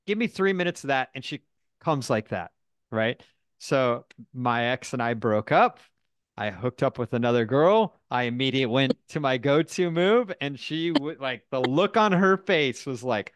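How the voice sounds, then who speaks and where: Frank, rambling man with a smooth voice. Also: a little high, dry recording. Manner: frank, rambling, self-deprecating storyteller. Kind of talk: candid casual chat.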